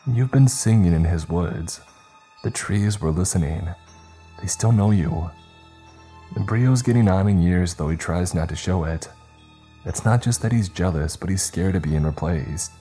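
A man's voice: low-pitched, a little slow, mellow, faint music behind. A man voicing a frightened, whiny young man who keeps begging and apologizing in a horror story. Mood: earnest.

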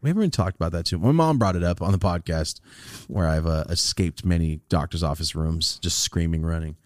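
A man's voice: low-pitched, brisk, dry recording, studio quality. A young man co-hosting a podcast in casual chat, telling stories about getting over a sinus infection, swearing and acting out what others said. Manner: animated storytelling, swears a lot, acts out quotes. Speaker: podcast co-host.

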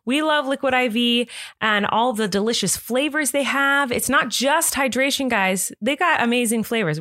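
A woman's voice: fairly high pitch, moderate pace, sharp tone, no room sound, clean studio sound. A woman co-hosting a podcast, chatting casually, telling stories and reading an ad with laughs. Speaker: podcast co-host. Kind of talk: casual chat with ad read.

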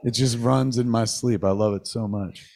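A man's voice: medium pitch, normal speed, gravelly. A man hosting a live podcast show in a cinema, bantering with the audience and swearing freely. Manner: excitable, swears freely, quizzes the crowd. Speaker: podcast host.

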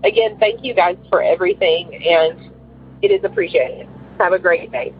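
Faint music plays behind a fairly low-pitched woman speaking at a moderate pace on a tinny, faintly hissing phone line. In her forties, she has called in to a show and tells a personal story in an emotional, rambling way packed with fillers.

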